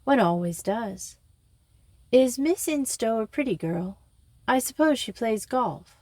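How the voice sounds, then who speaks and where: A woman voicing a placid, shrewd elderly spinster who speaks gently and calmly. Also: on the high side, unhurried, no echo, voice pushed up.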